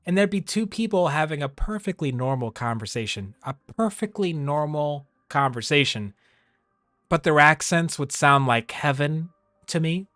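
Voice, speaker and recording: A man chatting casually on a livestream, rambling and animated, often laughing. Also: fairly high pitch, normal speed, no room sound, clean studio sound, faint music behind. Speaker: streamer.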